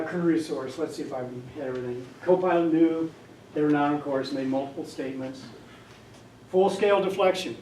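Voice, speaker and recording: An older man, his voice a little high with a darkish tone, gives a casual lecture as a guest speaker. He rambles through stories and acts out the voices of the people he quotes. He's heard from a distance in an echoey hall, with slight background noise.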